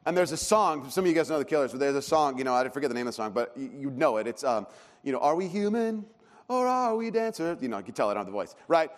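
A man's voice: medium pitch, racing. A man in his thirties preaching a sermon as a pastor, telling stories in a conversational, self-deprecating way. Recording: long hall reverb.

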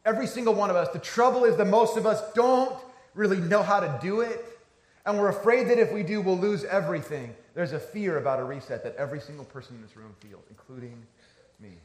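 A man's voice: sits high, brisk, reverberant. A man in his thirties, a pastor giving a conversational, storytelling sermon.

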